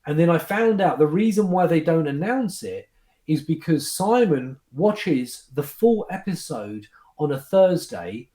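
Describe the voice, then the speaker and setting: Animated male magician in an echoey room. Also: fairly high pitch. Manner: animated storyteller, restarts and fillers. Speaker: guest magician. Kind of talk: casual chat recounting anecdotes.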